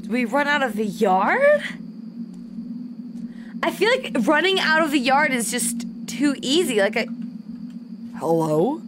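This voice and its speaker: A young woman with a high voice that swoops up and down, muttering nervously to herself as she streams a horror game. She curses freely and jumps at every scare. Her words come slowly, over a noisy background. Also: very animated. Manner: jumpy, swearing, talking to herself; nervous self-talk. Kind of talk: horror game let's play commentary.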